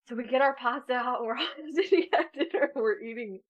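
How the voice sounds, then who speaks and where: A woman's voice: on the high side, fast talker, few pauses. A woman in her thirties co-hosting a podcast, telling a funny family story in casual chat and laughing often. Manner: animated, laughs often while telling stories. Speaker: podcast co-host.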